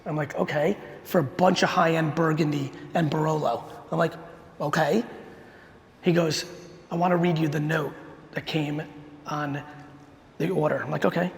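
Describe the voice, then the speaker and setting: A middle-aged man on a conference stage, his fairly high voice gravelly and rough at the edges. He tells his story in a fast, punchy, profane way, and his words ring out with the long reverb of a large hall. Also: steady tone. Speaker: keynote speaker. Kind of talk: energetic keynote storytelling.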